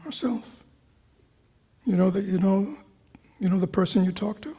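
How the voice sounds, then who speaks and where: A man's voice: high-pitched, expressive, moderate pace. A man teaching meditation to a retreat group, questioning his listeners and often dropping to a whisper. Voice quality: gravelly, husky. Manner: questioning, engaging the audience with repeated "right?" and "you know"; drops into soft whispers at times. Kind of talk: dharma talk to a retreat group. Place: meditation hall with a live group.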